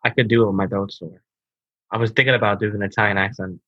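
A man's voice: fairly low pitch, steady tone, quick pace, a bit bright, no echo. A laid-back man co-hosting a casual gaming podcast, chatting and reading a listener's message. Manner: laid-back, says bro, slurs over restarts. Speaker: podcast co-host. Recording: dull lo-fi mic.

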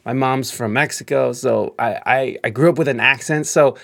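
A man hosting a podcast in a quick, chatty way, full of fillers and restarts. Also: mid-range voice, creaky, a bit bright. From Ohio, United States. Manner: fast-talking, friendly, lots of fillers. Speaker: podcast host. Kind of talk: casual interview chat.

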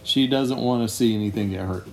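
A man's voice: mid-range voice, a little fast, slight background noise. A man talking casually on a podcast in an easygoing way.

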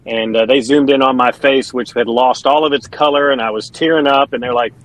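A man's voice: mid-range voice, fairly even intonation, fairly quick, low-quality recording. A middle-aged man, telling stories as an interview guest in an earnest, chatty way. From Kentucky, USA. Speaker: interview guest, country singer and pastor. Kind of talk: casual interview storytelling.

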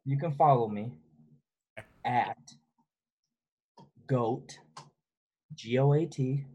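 A man's voice: medium pitch, extremely slow, mellow, slightly rough, muffled recording. A young man joining a casual live-stream chat as a guest, laid-back as he plugs his own account.

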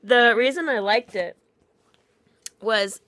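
A woman co-hosting a casual podcast, rambling on with giggles and a bit of swearing. Her voice is fairly high and bright, recorded close and dry with no room sound. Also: slow, no echo. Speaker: podcast co-host. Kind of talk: casual chat.

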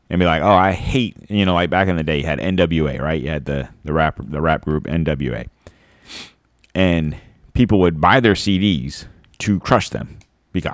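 A man's voice: extremely low pitch, dry recording, studio quality. A man giving a rambling, sarcastic opinion monologue, swearing and laughing at his own points.

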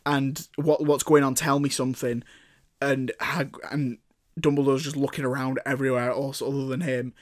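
A young man hosting a casual film podcast from home, excitable and quick to laugh. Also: medium pitch. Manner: excitable, laughs often, shouts bits for comedy. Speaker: podcast host.

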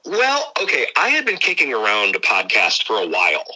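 A man's voice: fairly low pitch, wildly swooping pitch, fairly quick, sharp tone, poor audio. A man from Ohio with a Midwestern accent, a podcast guest who talks in a rambling, casual way and laughs often. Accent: Midwestern American. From Ohio, USA. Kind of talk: casual interview.

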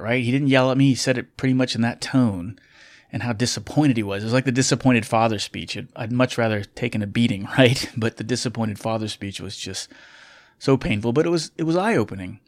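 A man's voice: medium pitch, brisk. Candid middle-aged man telling a story. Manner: candid, reflective, with frequent fillers and restarts. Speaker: former Marine officer and airline pilot telling a story. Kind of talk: casual storytelling.

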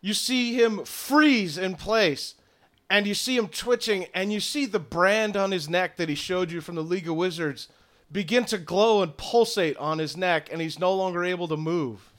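A man running a tabletop game as game master, narrating scenes in an unhurried way with fillers. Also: high-pitched, fairly bright tone.

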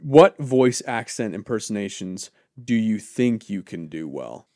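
A man's voice: on the low side, expressive, unhurried, darkish tone. A man co-hosting a podcast in casual chat, prodding his co-host with questions and giving opinions.

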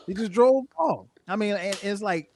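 A man's voice: high voice, normal speed, darkish tone, slight background noise. A man chatting casually as a podcast guest, rambling with many fillers and restarts. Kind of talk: casual chat.

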